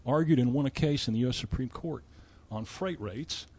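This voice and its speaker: A man's voice: medium pitch, normal speed, slightly rough. A man, a law firm partner, telling stories in a casual interview and playfully slipping into impressions. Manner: animated storyteller who slips into impressions.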